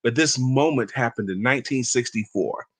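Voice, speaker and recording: A man's voice: medium pitch, normal speed, no room sound. A man in his fifties hosting an inspirational talk, telling stories and reading aloud in an emphatic, chatty way. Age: 50s. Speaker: motivational talk host.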